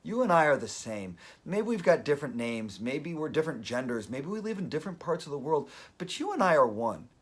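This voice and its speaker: A man's voice: fairly high pitch, big pitch swings, fairly quick, few pauses. A man hosting a daily live video, talking earnestly and openly emotional as he gives motivational advice. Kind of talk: motivational live-stream talk.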